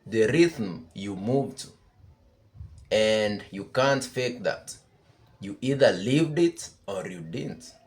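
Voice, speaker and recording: A man hosting a commentary video, explaining things in a measured, scripted way. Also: medium pitch. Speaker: commentary host.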